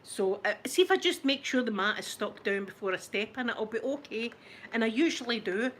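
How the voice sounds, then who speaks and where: A woman's voice: a little high, lively intonation, a little fast, a bit bright, slight background noise. A Scottish woman in her forties chatting casually with viewers, self-mocking and laughing often as she tells stories. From Scotland. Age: 40s. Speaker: ASMR channel host chatting with viewers. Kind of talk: casual chat.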